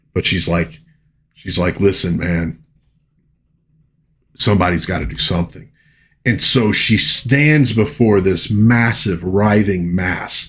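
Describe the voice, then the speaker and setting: A middle-aged man reviewing a film in an excited, casual way, full of slang as he recounts scenes. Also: deep voice, slightly rough. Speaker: movie reviewer.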